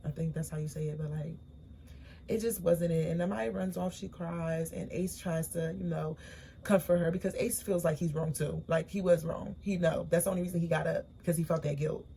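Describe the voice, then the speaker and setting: Young woman, low gravelly voice, opinionated recap host, faint hiss behind. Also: steady tone, brisk, dark tone. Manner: chatty, opinionated, slangy storytelling. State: tired, late at night. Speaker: recap vlogger. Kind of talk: casual reality-show recap.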